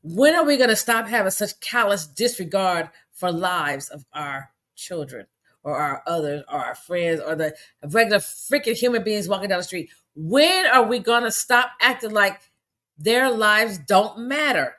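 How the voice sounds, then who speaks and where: A woman's voice: medium pitch, animated, a little slow, fairly bright tone. A woman delivering an angry, profane rant on a livestream, firing off rhetorical questions. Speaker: commentator. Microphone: phone.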